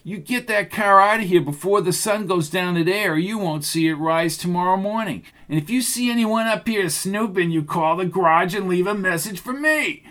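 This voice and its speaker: Man reading as a snarling thug, raised pitch, loud and clipped, every word hammered out. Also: moderate pace, hardly any pauses. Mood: threatening. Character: menacing male thug barking threats.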